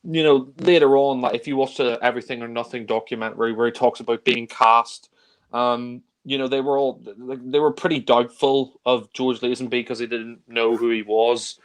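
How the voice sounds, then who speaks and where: A man's voice: medium pitch, fairly even intonation, normal speed, clean tone. A man co-hosting a casual film discussion, chatty and enthusiastic, rambling on with lots of asides.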